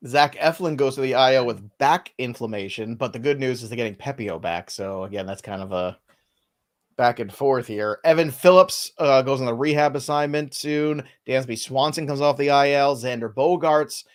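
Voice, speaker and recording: A man hosts a live fantasy baseball show, rattling off injury updates in a mid-range voice. He keeps slipping in dry, sarcastic jokes between the news items. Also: medium pitch. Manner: wry, sarcastic, quick rundown of injury news. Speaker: fantasy baseball podcast host. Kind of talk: live podcast banter and news rundown.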